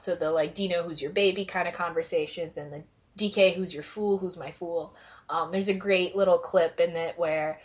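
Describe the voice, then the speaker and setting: Chatty woman, lowish voice. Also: fairly bright tone. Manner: chatty, frequent filler words. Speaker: podcast co-host. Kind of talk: casual fan chat.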